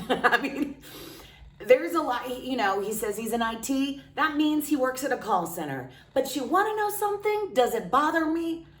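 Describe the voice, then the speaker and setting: A woman's voice: medium pitch, slight background noise. A woman vlogger telling a personal story in a candid, chatty, self-mocking way. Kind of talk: casual confessional storytelling. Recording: roomy sound, distant from mic.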